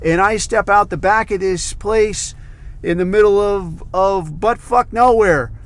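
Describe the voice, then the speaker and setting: Male podcast host, cussing rambler with a slightly raised pitch, loose casual monologue. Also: unhurried. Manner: profane, rambling storyteller, heavy on fillers.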